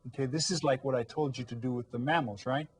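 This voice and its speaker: A man with a husky, breathy voice teaching young children, patient and encouraging. He explains each word slowly and asks the class to repeat after him. His pitch sits mid-range for a man. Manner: patient, encouraging, prompts kids to repeat words. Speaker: Spanish teacher. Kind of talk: recorded elementary language lesson.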